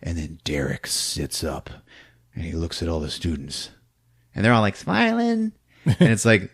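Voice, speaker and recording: A man casually recapping a horror film on a podcast, acting out shouts and sound effects and laughing as he goes. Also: fairly low pitch, a little slow, husky. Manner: animated retelling with acted-out shouts and sound effects; laughs often while talking. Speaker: podcast host.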